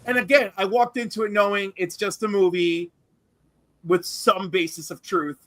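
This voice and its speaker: A man with a very high, bright voice talks eagerly in a casual podcast chat. The sound is close and dry, with no room around it. He leans on fillers as he goes. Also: steady tone, moderate pace, dry recording. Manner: enthusiastic, talks with many fillers.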